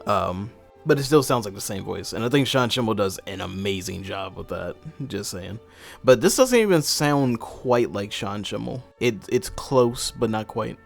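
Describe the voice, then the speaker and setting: A man's voice: lowish voice, lively intonation, moderate pace, creaky, faint music behind. A young man hosting a casual reaction commentary, rambling and laid-back, tossing in "bro" as he talks. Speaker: host.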